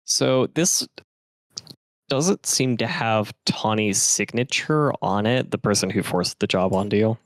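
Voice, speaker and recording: A man's voice: lowish voice, measured pace, no room sound, clean studio sound. A man narrating as game master for a tabletop game, setting scenes casually with fillers.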